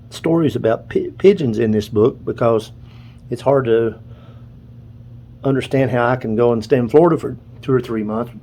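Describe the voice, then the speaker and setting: A man's voice: medium pitch, gravelly, mellow, breathy edge, poor audio. An older man, casually showing photos and books, rambling and stopping to recall names. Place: dark room at home.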